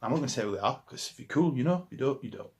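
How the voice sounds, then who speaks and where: Rapid-fire, expressive, and creaky, this medium-pitched male voice belongs to a Yorkshire-accented musician in his forties. As a guest, he rambles eagerly about the records that formed him, frequently starting his sentences over in a casual way.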